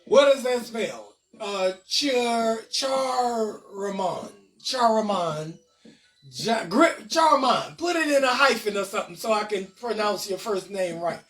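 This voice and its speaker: A man hosting a live comedy stream, loud and teasing as he roasts viewers' names and greets them. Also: high voice, very animated, unhurried, hardly any pauses. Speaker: host. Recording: echoey room, far mic, faint music.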